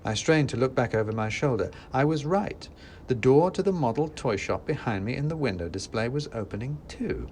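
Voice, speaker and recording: A man's voice: mid-range voice, a little fast, a little hiss or hum. A man narrating a scripted first-person story in a dry, wry manner. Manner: dry and wry, with lively acted quotes.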